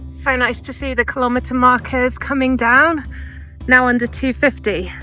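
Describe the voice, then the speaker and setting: A woman's voice: sits high, fairly even intonation, pushed and bright, soft background music, low-quality recording. Chatty woman vlogging on a long walk. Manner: chatty and candid, quick asides. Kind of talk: casual travel vlog narration.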